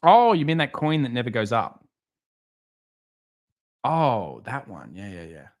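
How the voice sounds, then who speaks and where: A man's voice: medium pitch, a little slow. Sarcastic man streaming live. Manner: sarcastic, joking, animated storytelling. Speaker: livestream market commentator. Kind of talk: live stream chat, reading viewer comments.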